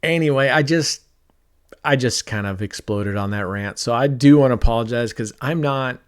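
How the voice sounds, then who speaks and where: A man's voice: mid-range voice, moderate pace, clear, resonant tone. A middle-aged man streaming online roulette, talking casually and at length while he plays. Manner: talkative, rambling, self-described mellow.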